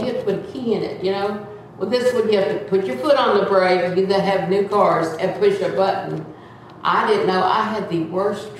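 A seventy-year-old woman with a drawl tells her story in a chatty, animated way, often turning to talk about God. Her voice sits a little low, and it rings in a very echoey room. She sounds a bit away from the mic. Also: a little hiss or hum. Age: 70s. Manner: chatty, expressive, laughing often; devout, speaks often of God. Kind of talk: casual storytelling. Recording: echoey, slightly distant mic.

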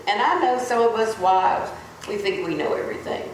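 A woman giving a sermon in a church hall, telling folksy stories and repeating her points slowly for emphasis. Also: mid-range voice, animated, slight background noise. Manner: folksy storytelling, slow emphatic repetition. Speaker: church speaker. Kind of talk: sermon with a personal story. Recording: echoey room.

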